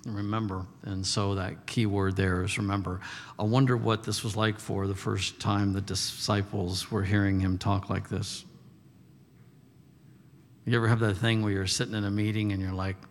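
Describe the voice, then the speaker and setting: A man's voice: on the low side, flat delivery, normal speed, in a large hall. A man preaching a sermon as pastor, reading scripture and talking in a conversational way with playful asides.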